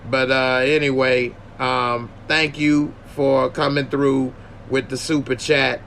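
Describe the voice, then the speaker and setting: A man's voice: mid-range voice, little pitch movement, slow pace, a bit bright, slight background noise. A man hosting a casual livestream podcast, joking and slangy while thanking his viewers. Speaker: podcast host.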